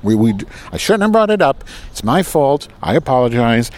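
A man's voice: medium pitch, very animated, normal speed, darkish tone. A man hosting a podcast in casual banter, talking in a hyper, sarcastic, teasing way from a school parking lot outdoors. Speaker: podcast host.

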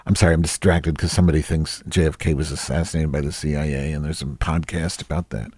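A crude, self-mocking woman, as a man plays her rambles through a solo comedy monologue, losing her thread and filling gaps as she goes. The voice sits very low and dark. It is dry and close, with no room sound. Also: vocal fry, breathy edge, no echo, full character voice. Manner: rambling, distracted, loses track with many fillers.

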